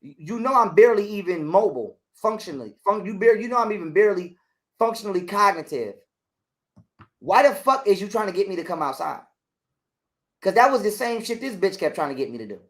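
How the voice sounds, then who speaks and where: A man's voice: sits high, brisk. A man, an interview guest, telling a long story in a casual, profane way and acting out both sides of an argument. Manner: animated, profane, acts out both sides of a quarrel.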